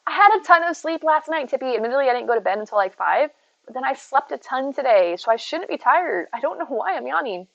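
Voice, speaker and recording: A woman's voice: sits high, very animated, fast, vocal fry, a bit bright, dry recording, dull audio. A woman streaming from home, chatting casually and rambling to her viewers, reading and answering their messages by name. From United States. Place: home, indoors.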